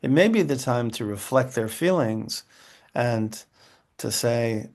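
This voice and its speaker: A man leads an online class over a video call, his voice carrying a gravelly edge. He explains in a loose, conversational way, reaching for examples and asides as he goes. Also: medium pitch, lively intonation, slow, a little mellow. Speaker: teacher.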